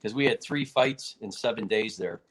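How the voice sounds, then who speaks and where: A man's voice: fairly low pitch, moderate pace, slight background noise. A man being interviewed, telling a fight story in casual talk and acting out the quotes in a raised voice. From United States. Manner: animated, acts out quotes in a raised voice. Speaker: martial arts federation president, guest.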